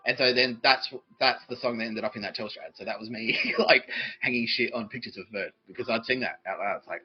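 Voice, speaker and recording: A man's voice: medium pitch, a little fast, husky. A man hosting a podcast, ranting in a rambling, profane monologue and mocking people in put-on voices. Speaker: podcast host. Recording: dull lo-fi recording.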